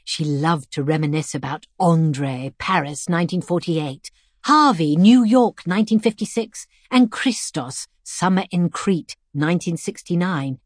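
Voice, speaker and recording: A woman narrating a first-person story in a measured, reflective way. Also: lowish voice, darkish tone, husky, dry recording, clean studio sound.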